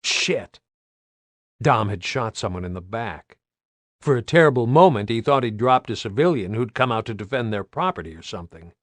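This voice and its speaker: A man's voice: lowish voice, animated, moderate pace, no echo. Man narrating a tense audiobook. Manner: tense, dramatic, varied delivery.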